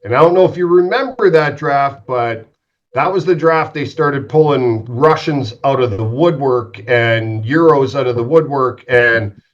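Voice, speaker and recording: Animated storytelling ex-goalie man. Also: medium pitch, unhurried. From Western Canada. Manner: animated, swearing, acts out quotes. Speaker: former pro hockey goalie, guest. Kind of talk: casual storytelling interview. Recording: slightly dull lo-fi sound.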